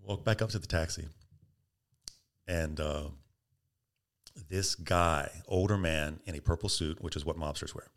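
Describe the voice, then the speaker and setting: Very deep-voiced man telling a story. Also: measured pace, long pauses. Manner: animated storyteller, acts out quotes. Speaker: podcast guest. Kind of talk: casual storytelling.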